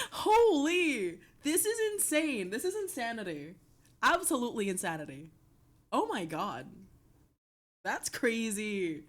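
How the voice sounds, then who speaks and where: Excitable young woman streamer, lively pitch. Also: a little slow. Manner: excitable, swearing, breaks into shrieks and laughter. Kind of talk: casual live-stream chat.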